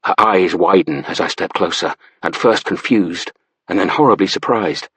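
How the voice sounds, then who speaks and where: A man's voice: deep voice, moderate pace, a bit bright, slightly rough. A man narrating a first-person psychological thriller, voicing a panicked husband who curses as he speaks. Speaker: audiobook narrator.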